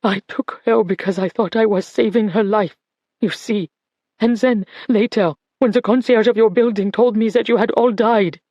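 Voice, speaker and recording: A woman voicing a frail, remorseful old man who speaks in a raspy, pleading way. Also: medium pitch, fairly even intonation, normal speed, warm tone, no room sound, lo-fi sound, lightly acted. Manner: pleading, tearful.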